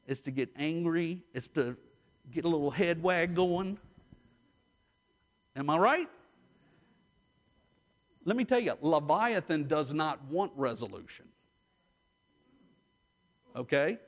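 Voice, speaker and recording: A man's voice: on the high side, expressive, takes it slowly, long pauses. A middle-aged man pastor giving an emphatic sermon, repeating key lines for emphasis.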